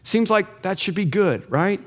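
A man's voice: sits high, expressive, a little slow. A man preaching a conversational, humorous sermon as pastor, asking the congregation questions and driving home points with emphatic rising peaks.

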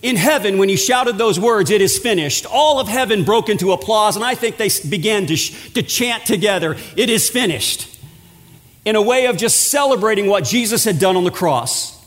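A man preaching a sermon as pastor, slowing down and pausing for dramatic emphasis. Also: high-pitched, animated, fairly bright tone. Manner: preaching with dramatic pauses and drawn-out words. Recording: long hall reverb.

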